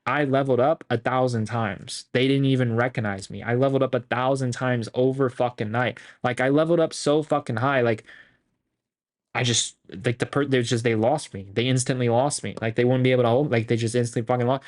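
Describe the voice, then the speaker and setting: A man's voice: medium pitch, brisk. Hyped up guy bragging about trades, swearing nonstop and rambling, plain middle voice. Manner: profane, boastful, rambling and excitable. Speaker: stock trading group host. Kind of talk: hyped casual trading recap.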